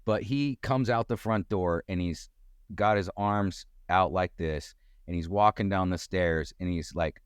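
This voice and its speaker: A middle-aged man telling a personal story in casual conversation, acting out quoted voices with sudden jumps in pitch. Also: a little slow, smooth, dry recording, clean studio sound. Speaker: guest storyteller.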